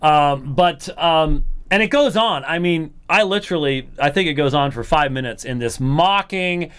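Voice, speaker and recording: A man hosts a commentary program with a smooth, resonant voice pitched a little high. He talks casually and animatedly, slipping into mimicking voices in the middle of his sentences. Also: normal speed, few pauses, fairly bright tone. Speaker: host of apologetics program.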